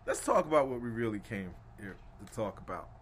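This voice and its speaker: A man hosting a casual sports podcast, animated and rambling, laughing often as he talks. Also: lowish voice, a little fast, a little hiss or hum. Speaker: podcast host.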